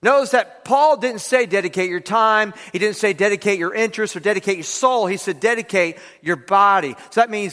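A man's voice: high-pitched, a little fast, few pauses, bright, forceful tone, big-room sound. A man preaching a sermon to his congregation, who leads them in repeating key lines aloud. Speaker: pastor. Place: church sanctuary.

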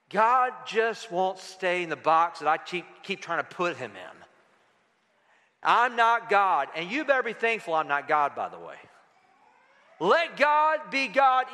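High, bright-voiced man preaching. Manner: emphatic, rhetorical questions to the congregation. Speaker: pastor. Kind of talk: sermon. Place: church sanctuary. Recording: church hall reverb.

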